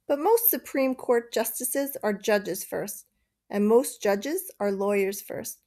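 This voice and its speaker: A woman's voice: mid-range voice, animated, slow, dark tone. A woman doing an eager sixth-grade girl.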